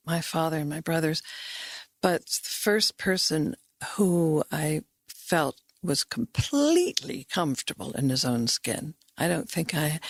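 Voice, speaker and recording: A woman's voice: sits low, dry recording. An older woman guest in a casual chat, playful and wandering, often restarting her sentences.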